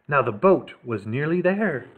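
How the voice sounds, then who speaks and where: A man hosting a children's library story time, reading picture books aloud with animated delivery and chatty asides. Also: fairly high pitch, a little slow. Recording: lo-fi phone-like sound.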